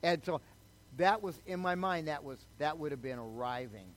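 A man's voice: on the high side, expressive, normal speed, noisy background. An older man preaching a sermon in a chatty way, telling his own story and often checking in with the listeners. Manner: conversational, storytelling, asks the crowd "okay?". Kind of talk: sermon with personal testimony.

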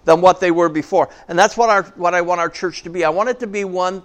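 A man, a pastor, preaching a sermon to a congregation in a relaxed, conversational way and asking the audience questions. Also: high-pitched, quick pace. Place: church before a congregation.

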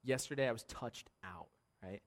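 A man in his thirties preaching a conversational sermon in a church, lively and laughing, often asking the congregation "right?". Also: mid-range voice, normal speed. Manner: conversational, animated, laughing, many tag questions. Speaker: pastor. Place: church sanctuary.

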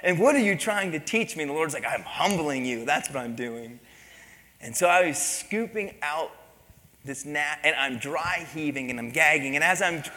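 A man's voice: sits high, sharp tone, long reverb tail. A man preaching a sermon as pastor, telling a personal story with mimicked voices and laughter.

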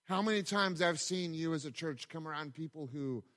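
Male pastor, mid-high voice, chatty storytelling sermon delivery. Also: normal speed, fairly bright tone. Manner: conversational, storytelling with asides and repetitions.

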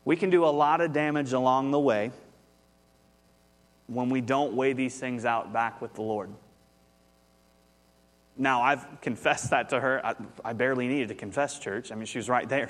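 Man preaching, conversational sermon, animated storytelling. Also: medium pitch. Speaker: pastor.

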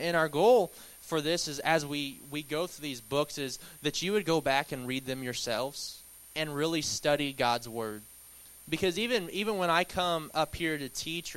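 A young man teaching a Bible study at church in a relaxed, conversational way, with filler words and restarts. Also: fairly high pitch, clean tone, rough recording. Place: church hall.

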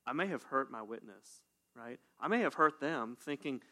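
A man preaching a sermon as pastor, animated and conversational, often asking "right?". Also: mid-range voice, normal speed. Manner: animated, call-and-response, says "right?" often.

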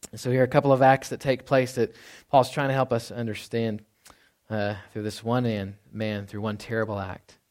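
A man's voice: mid-range voice, flat delivery, normal speed. A man giving a casual, conversational sermon as a pastor. He chuckles often and ends many points with "right?". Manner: drops to a hushed voice when quoting.

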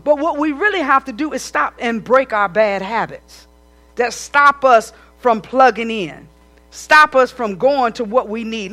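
Woman preaching, high bright voice, emphatic and chatty with the congregation. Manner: animated, emphatic preaching with conversational asides. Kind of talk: sermon.

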